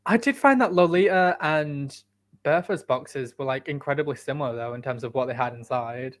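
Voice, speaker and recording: A British man co-hosts a podcast, chatting casually and dropping dry, sarcastic asides. His voice is medium in pitch and he talks at a normal speed.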